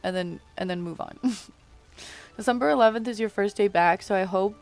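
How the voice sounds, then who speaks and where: A woman streamer chatting casually with viewers in a raspy morning voice, rambling with lots of fillers and restarts. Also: mid-range voice, moderate pace, faint music behind. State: groggy morning voice, just woke up. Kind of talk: casual livestream chat with viewers.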